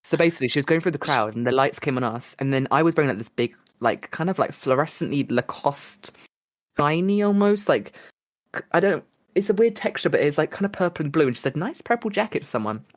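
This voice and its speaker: Excitable man gushing in chat. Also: on the high side, fast talker, no room sound, clean studio sound. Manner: gushing, excitable storyteller with many restarts. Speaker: podcast co-host. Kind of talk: casual chat.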